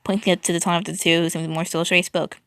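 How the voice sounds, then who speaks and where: A woman's voice: on the low side, level tone, fast talker, fairly bright tone, clear, resonant tone, dry recording, clean studio sound. A woman reading fan fiction aloud, stumbling and restarting, with a wry tone.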